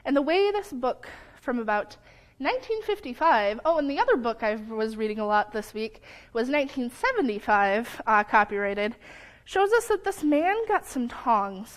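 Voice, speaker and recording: High-voiced young woman preaching. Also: moderate pace. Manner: earnest, stumbles and apologizes, lively storytelling. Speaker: lay preacher. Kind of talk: sermon. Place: church sanctuary.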